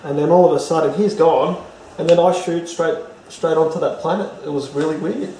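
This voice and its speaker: A man's voice: a little high, fairly even intonation, brisk, dark tone, a little hiss or hum. A man, an interview guest, telling a personal story casually and rambling, with many fillers and restarts. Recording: roomy, distant mic, faint ambience.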